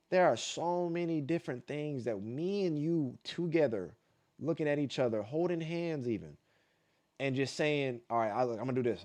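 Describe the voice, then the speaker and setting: A man with a mid-range, darkish voice streams reactions to dance battles. His live commentary is blunt and profane, he repeats points for emphasis, and he vocalizes beat patterns aloud.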